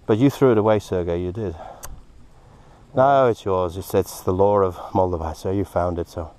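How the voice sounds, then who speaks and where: A man hosting a casual vlog outdoors at a quarry. He talks excitedly, gasping and dropping into breathy whispers. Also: low-pitched, moderate pace. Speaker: host, moldavite hunter.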